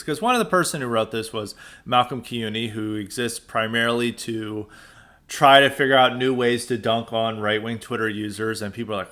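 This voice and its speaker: A man's voice: mid-range voice, expressive, brisk, bright, forceful tone. An American man hosting a podcast, giving an emphatic, sarcastic political commentary monologue and often restarting his sentences. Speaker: podcast host.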